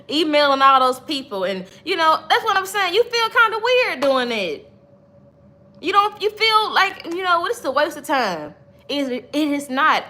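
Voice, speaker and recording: A woman's voice: high voice, bright, forceful tone. A woman hosting a motivational livestream from home, encouraging viewers, laughing often and reading their comments aloud. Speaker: livestream host.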